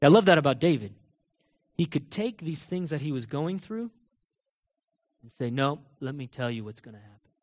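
A man preaching a sermon, jumping from loud emphatic declarations to quiet low asides and acting out quoted lines with rising fervor. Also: animated, normal speed, pauses often. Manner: acts out quoted voices and scripture with rising intensity. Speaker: pastor.

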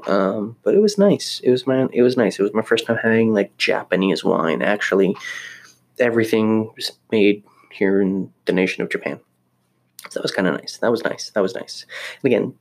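A young man talks casually in a vlog, rambling and poking fun at himself. His voice sits a little low, and he often stops and restarts his sentences. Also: gravelly. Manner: rambling, self-deprecating, many restarts. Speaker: vlogger living in Japan. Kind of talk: casual chat to camera.

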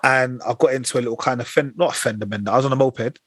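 This podcast co-host talks quickly in a husky, mid-range voice on a dry recording. His casual storytelling is lively, loaded with slang and quotes he performs.

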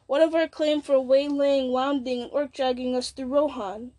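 A woman's voice: high-pitched, fairly even intonation, moderate pace, mellow, lightly acted. A woman reading an indignant young hobbit.

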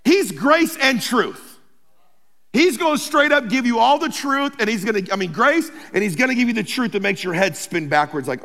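A pastor preaching a sermon, telling the story in a humorous, lively way with playful asides. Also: male voice, sits high, brisk, vocal fry. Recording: long hall reverb.

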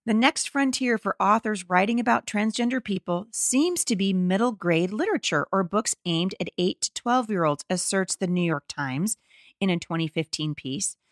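A woman's voice: mid-range voice, animated, moderate pace, dry recording, studio quality. A middle-aged woman hosting a podcast, reading an article aloud and commenting on it in an indignant, emphatic way, often restarting her sentences. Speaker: podcast host.

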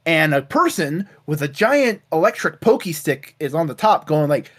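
A man's voice: on the high side, very animated, normal speed, hardly any pauses, fairly bright tone. A man co-hosting a casual chat, animatedly retelling a cartoon with lots of swearing. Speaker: podcast co-host.

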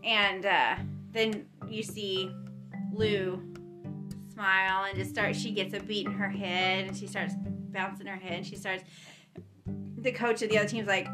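A chatty woman at an average pitch walks through a movie's story in a loose, rambling way and often stops on an um. Soft guitar music plays under her voice. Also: flat delivery, measured pace. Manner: rambling, chatty, with frequent ums. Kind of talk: casual movie recap.

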